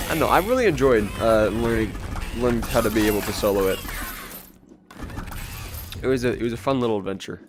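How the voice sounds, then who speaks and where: A young man chatting casually on a gaming livestream, his voice hoarse, strained and congested, rambling, chuckling often and talking to his chat. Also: fairly low pitch, expressive, brisk, long pauses. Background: game music underneath.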